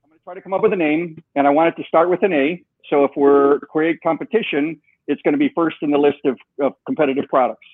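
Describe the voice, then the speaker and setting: A man's voice: a little high, fast, dry recording. Man telling a story over a tinny line. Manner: animated storyteller, acts out quoted dialogue. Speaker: guest, software co-founder. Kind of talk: storytelling interview.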